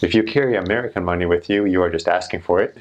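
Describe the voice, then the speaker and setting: A man's voice: low-pitched, quick pace, lo-fi sound. A young man telling casual mission stories in a rambling, chatty way, full of "like" fillers. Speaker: returned missionary. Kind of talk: casual storytelling.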